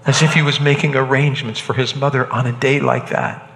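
A man acting a hardened Roman centurion shaken by an execution, talking haltingly and repeating words, in a church drama. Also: medium pitch, fairly even intonation, creaky, a bit bright, long reverb tail, slight background noise. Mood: grave, shaken.

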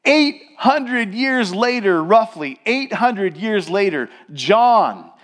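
Emphatic high-voiced male preacher. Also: very animated, a bit bright. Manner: emphatic preaching, slows and stresses repeated words; addresses the congregation directly. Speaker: pastor. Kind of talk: sermon.

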